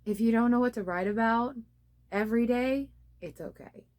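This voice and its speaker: A woman's voice: on the high side, fairly quick, a little mellow. A young woman talking casually to her phone camera about starting a podcast, poking fun at her own mistakes. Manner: self-deprecating, laughs at her own slips. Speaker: beginner podcaster and blogger. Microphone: phone on a ring light tripod.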